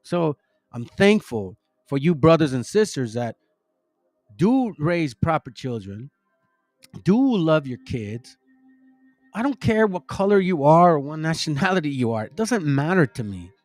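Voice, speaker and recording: A man's voice: on the high side, sing-song, measured pace, darkish tone, dry recording, soft background music. A middle-aged man hosting a casual preaching monologue, rambling and slangy, calling his listeners family and bro. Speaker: religious channel host.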